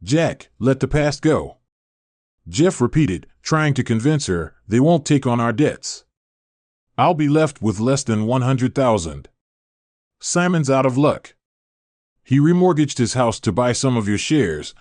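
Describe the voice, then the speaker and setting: A man reads a scripted story aloud in an expressive, unhurried manner, his voice medium-pitched and a little mellow. Narration and dialogue alike come out in a single, barely varied voice, lines repeat over and over, and the studio recording is clean with no echo.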